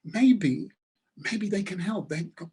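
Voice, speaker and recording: A man's voice: high-pitched, slow pace, warm tone, slightly rough, voice pushed up, heavily acted. A man playing a distraught old farmer. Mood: pleading. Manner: anxious, pleading.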